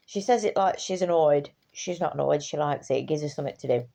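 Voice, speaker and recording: A woman's voice: low-pitched, expressive, moderate pace, creaky, long pauses, warm tone, dull audio. A tired woman, rambling in casual chat to her camera and swearing freely. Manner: chatty, swears casually, trails off and restarts. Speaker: vlogger.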